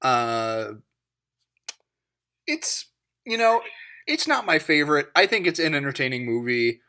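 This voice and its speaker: A man co-hosting a casual movie podcast, animated, swearing and laughing often. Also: fairly high pitch, measured pace. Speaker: podcast co-host.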